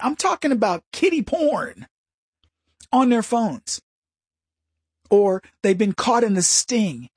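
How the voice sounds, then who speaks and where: A man hosting a political talk radio show, ranting in an animated monologue with mocking put-on voices and frequent restarts. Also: very high-pitched, husky, no echo, clean studio sound.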